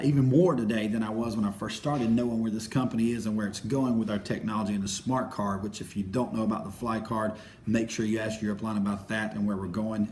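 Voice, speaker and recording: Energetic man giving a sales training talk. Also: mid-range voice, a little hiss or hum. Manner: energetic, acts out quick phone calls.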